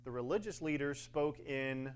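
A man's voice: medium pitch, normal speed, a little hiss or hum. A man preaching a sermon in a conversational way, with fillers and little acted-out quotes.

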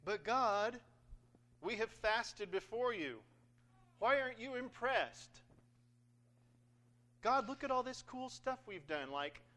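A man's voice: high voice, lively intonation, measured pace, long pauses, pushed and bright, voice pushed up, heavily acted. A man in a sermon voicing a whiny, self-pitying young sorority girl who complains and brags. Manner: whiny, self-congratulating, sing-song.

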